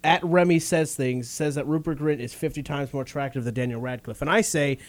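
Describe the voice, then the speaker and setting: A man's voice: fairly high pitch, fairly quick. A young man hosting a casual group podcast, joking and teasing his co-hosts. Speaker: podcast host.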